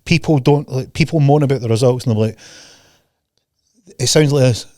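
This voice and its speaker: A man's voice: medium pitch, normal speed, a little mellow, dry recording, clean studio sound. A man hosting a podcast in a casual chat, ranting bluntly and profanely and mocking people with put-on voices. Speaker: podcast host.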